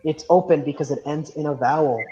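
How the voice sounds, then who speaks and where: A male teacher with a slightly high voice leads a class lesson. He asks the students question after question in a patient, steady way. The sound is dull and lo-fi. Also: a little fast, a little hiss or hum. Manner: patient, questioning, mixes in Spanish. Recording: dull lo-fi audio.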